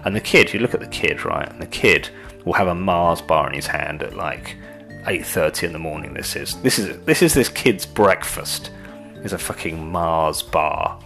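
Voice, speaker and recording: Sweary man ranting, lively pitch. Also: moderate pace, vocal fry, faint music behind. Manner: sweary, exasperated, rambling with restarts. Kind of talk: casual ranting monologue.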